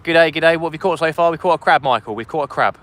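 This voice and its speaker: A man's voice: fairly high pitch, quick pace, a bit bright. A man hosting a fishing livestream in casual chat, talking to viewers outdoors on a phone. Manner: chatty, reads out chat and thanks donors. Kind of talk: casual live-stream chat. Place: outdoors by the sea wall. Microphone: phone streaming vertically.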